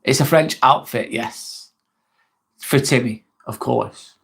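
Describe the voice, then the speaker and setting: A man's voice: medium pitch, takes it slowly, vocal fry, a bit bright, husky. A man with an English accent hosting a casual live stream, reading out chat comments, chatty, swearing casually and laughing often.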